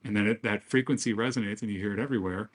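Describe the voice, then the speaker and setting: A man's voice: on the low side, rapid-fire. A man co-hosting a podcast in casual chat, jokey and upbeat, laughing often. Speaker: podcast co-host; father of young kids.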